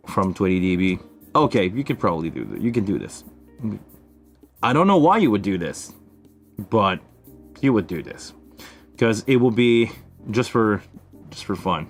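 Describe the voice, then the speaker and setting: A man hosting a casual live stream Q&A, demonstrating a mixing desk while thinking aloud with frequent fillers and restarts. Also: on the low side. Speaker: live stream host answering viewer questions.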